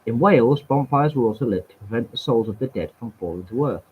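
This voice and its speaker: A man's voice: mid-range voice, animated, quick pace, a little hiss or hum. A man reading history aloud from webpages, stumbling and repeating words, with wry casual asides. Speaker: channel host. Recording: tinny phone-like sound.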